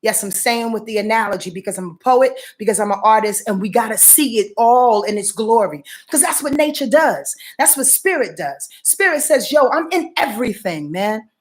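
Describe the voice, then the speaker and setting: New lady in her late 40s, high voice, cussing and preaching her weekly astrology rundown, says things twice. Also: lively intonation, normal speed, few pauses. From New York. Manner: emphatic, profane, preachy, repeats phrases.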